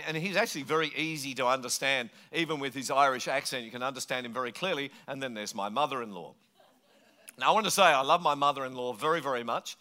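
A man's voice: medium pitch, bright, forceful tone. A man from England preaching a sermon in a conversational, joking way, slipping into mimicked voices. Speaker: pastor.

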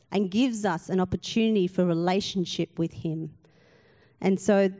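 A woman's voice: on the low side, mellow. A woman pastor, giving an earnest sermon full of rhetorical questions and emphatic repetition.

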